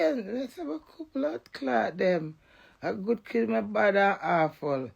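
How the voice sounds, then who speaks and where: Defiant gravelly Jamaican woman ranting. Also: medium pitch, animated, unhurried. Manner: defiant, cursing, repeats phrases in a chant. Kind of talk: emotional live rant.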